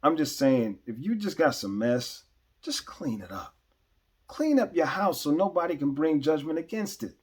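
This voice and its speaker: A man's voice: fairly high pitch, sing-song, normal speed, husky. Emphatic man giving earnest commentary. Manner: earnest and emphatic, stresses key words with repeated restarts. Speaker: podcast host. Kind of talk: unscripted commentary monologue.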